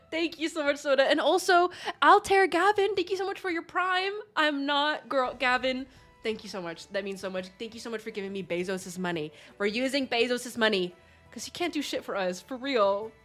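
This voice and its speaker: A woman's voice: high voice, moderate pace, fairly bright tone. A young woman hosting a livestream, gushing and effusive as she thanks donors over and over, often laughing. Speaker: livestream host. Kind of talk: casual livestream chat. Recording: faint background music.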